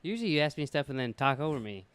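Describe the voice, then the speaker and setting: A man's voice: a little high, very animated, racing, fairly bright tone, clear, resonant tone, no room sound. A young man co-hosting a casual TV review chat, dry and teasing, unimpressed in short replies. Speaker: podcast co-host.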